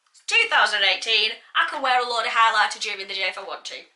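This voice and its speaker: A woman's voice: fairly high pitch, expressive, fast talker, pushed and bright, a little hiss or hum. A woman giving a bubbly, chatty makeup tutorial and talking straight to her viewers. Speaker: beauty vlogger.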